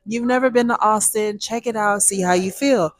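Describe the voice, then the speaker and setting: A woman quoting her mother in a soft, reassuring voice. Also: medium pitch, moderate pace, dry recording, close to an everyday voice. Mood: gentle. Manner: gentle, soft-spoken, reassuring. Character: soothing, caring mother speaking softly to her daughter.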